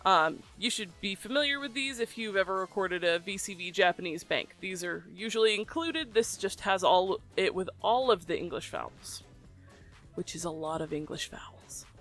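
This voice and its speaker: A bright, forward voice walks through a software tutorial in an easygoing, conversational way, dropping in ums as it goes. Soft music plays faintly underneath. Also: medium pitch, moderate pace, few pauses. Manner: relaxed, chatty, with frequent ums. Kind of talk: casual tutorial explanation.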